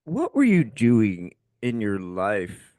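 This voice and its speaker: A man hosts a podcast interview and fires off several questions in a row. His voice sits low but moves a lot in pitch. The sound is dry and close. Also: huge pitch swings, takes it slowly, a little mellow, no room sound. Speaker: podcast host.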